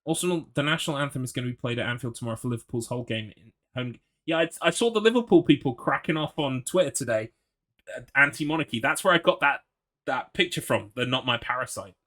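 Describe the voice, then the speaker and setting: A man's voice: mid-range voice, lively intonation, quick pace, a bit bright. A man streaming a horror game, chatting with his audience in a rambling, swear-prone way. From United Kingdom. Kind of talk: gaming livestream commentary.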